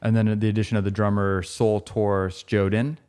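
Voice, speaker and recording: Guy with a lowish voice cohosting a music podcast, chill and agreeable. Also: level tone, moderate pace, darkish tone, clean tone. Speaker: podcast co-host. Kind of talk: casual music podcast chat.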